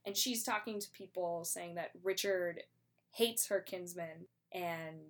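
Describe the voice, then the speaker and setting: A woman recaps a story in easygoing conversation. She is chatty and animated, and she drops into the characters' lines as she goes. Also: lowish voice, a little slow. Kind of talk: casual chat retelling a play.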